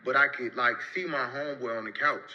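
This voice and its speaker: A young man telling a casual story-time tale in loose, rambling, slang-heavy talk, marking each turn with a quick "so boom.". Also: pushed and bright, dull audio. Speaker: storyteller in a played clip.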